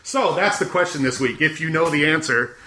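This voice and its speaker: A man hosting a podcast, chatting casually and retelling scenes with animated laughter. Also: a little high, brisk. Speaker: podcast host. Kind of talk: casual chat.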